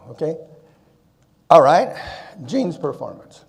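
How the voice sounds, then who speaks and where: A man's voice: a little high, normal speed. An older man giving a conference keynote, telling stories and handing out advice, with a habit of tagging his points with "okay?". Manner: animated, tag question "okay?" after points. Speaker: conference speaker. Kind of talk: storytelling keynote talk.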